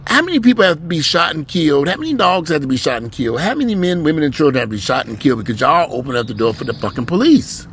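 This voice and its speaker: A man ranting bluntly and profanely to his viewers from home, with sudden loud rises in a voice. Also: a little high, sing-song, racing, hardly any pauses, slight background noise. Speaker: vlogger.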